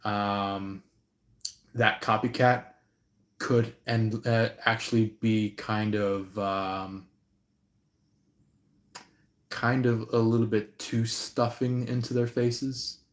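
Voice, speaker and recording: Slow, halting man in an echoey room. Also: lowish voice, steady tone. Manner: slow, halting, many fillers. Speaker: tarot reader. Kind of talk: live-stream intuitive reading.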